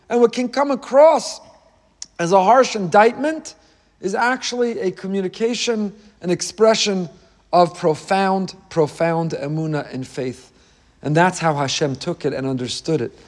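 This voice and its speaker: A man's voice: high voice, normal speed. A man, a rabbi, giving an impassioned Torah sermon with a repetitive rhetorical cadence. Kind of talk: Torah sermon on the weekly portion.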